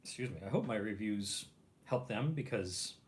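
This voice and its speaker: A man hosting a casual livestream, rambling, clearing his throat and chewing as he talks. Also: on the low side, animated, normal speed. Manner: rambling, clears throat, chews while talking. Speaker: livestream host reviewing rations.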